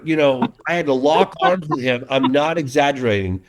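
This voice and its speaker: A man's voice: mid-range voice, moderate pace. A middle-aged man, a documentary filmmaker, talking casually in an interview and telling stories with lots of restarts. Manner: animated storyteller, many restarts, acts out quotes.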